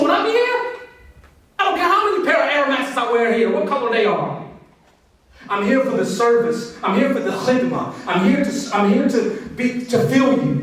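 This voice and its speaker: This is a man whose very high-pitched, slightly bright voice carries a fervent, conversational religious message aimed directly at the audience. The recording comes from a distance, echoing around a large hall.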